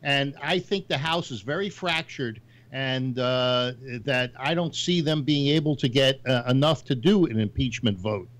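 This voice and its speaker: A man arguing on a political panel, halting and full of fillers as he defends his side. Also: mid-range voice, a bit bright. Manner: halting, argumentative, many fillers. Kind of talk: heated political debate.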